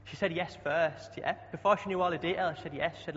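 A man's voice: a little high, fairly even intonation, fast, few pauses, fairly bright tone. A young man preaching a chatty sermon, often asking the congregation questions. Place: church hall. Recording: dull sound with long hall echo.

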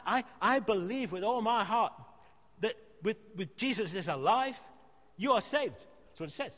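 A man preaching a sermon, earnest and emphatic, swinging between loud exhortation and softer pleading. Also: sits high. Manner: earnest, emphatic, rising to loud exhortation then dropping soft. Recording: long reverb of a church hall.

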